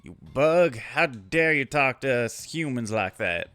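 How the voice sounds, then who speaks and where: A man's voice: medium pitch, expressive, unhurried, a bit bright, no echo, faint music behind. A man voicing a sneering, spiteful villager. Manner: sneering, accusing. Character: spiteful masked male villager, hostile. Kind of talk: reading game dialogue aloud.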